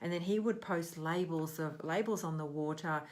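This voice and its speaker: A woman's voice: sits low, normal speed, darkish tone. A middle-aged woman coaching on self-worth in a casual, earnest talk, rambling and often restarting her sentences.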